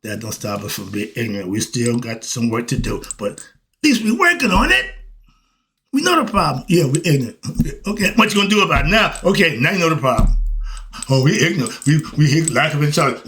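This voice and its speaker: A middle-aged man giving a preachy solo monologue, answering his own questions and breaking into shouts. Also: on the high side, slight background noise. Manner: coughs and clears throat. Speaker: street philosophy commentator.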